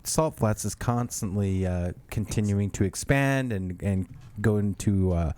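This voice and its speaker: Low dark-toned guy rambling on a podcast, lots of cussing and restarts. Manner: rambling, profane, halting. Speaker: podcast co-host. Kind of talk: casual chat.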